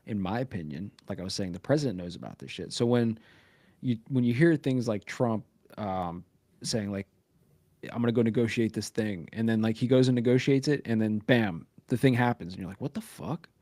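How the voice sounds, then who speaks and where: A man's voice: on the low side, a little fast, mellow, dry recording. A man co-hosting a live podcast, rambling and profane, leaning on "right?" and "like" as he talks. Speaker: podcast co-host. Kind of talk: casual live podcast chat.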